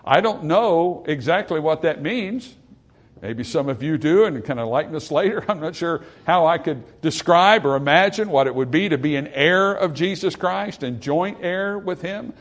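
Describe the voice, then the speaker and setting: In a slightly high voice with lively intonation, a preacher moves at a moderate pace through scripture, reading it out and then talking it over plainly. Casual asides with fillers pepper his explanation, and certain passages swell with repetition and mounting emphasis.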